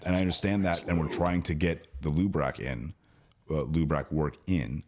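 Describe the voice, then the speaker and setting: On a laid-back podcast, a co-host from California complains at length about his work in a dealership's service department, repeatedly restarting his sentences. His rumbling low voice is a little mellow and moves at normal speed.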